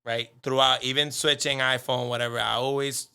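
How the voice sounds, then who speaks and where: A man co-hosting a comedy podcast in casual chat, telling rambling, animated stories into a desktop mic. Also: medium pitch, moderate pace, gravelly, smooth. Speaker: podcast co-host.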